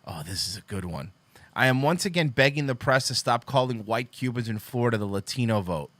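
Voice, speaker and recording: Sarcastic, bright-voiced male commentator. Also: medium pitch, animated, a little fast, no room sound. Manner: sarcastic and profane, reading posts aloud and mocking them. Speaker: host. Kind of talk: political commentary show.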